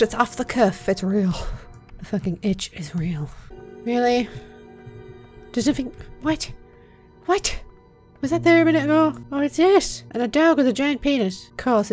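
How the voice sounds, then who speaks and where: A woman with a fairly high, slightly bright voice narrates her horror game playthrough. Her running commentary is crude, jokey, and jumpy.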